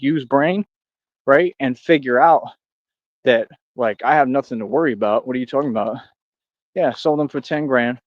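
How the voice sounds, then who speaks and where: A man's voice: mid-range voice, no room sound, dull audio. A man in a rambling livestream rant, boastful and combative, talking straight at his critics. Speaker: streamer.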